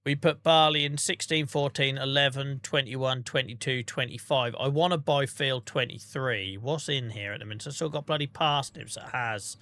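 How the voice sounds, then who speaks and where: A man's voice: medium pitch, fairly even intonation, normal speed, hardly any pauses, sharp tone. Chatty Norfolk-accented man streaming a game. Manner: chatty, laid-back, talking to chat while playing. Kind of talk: casual gaming stream chat.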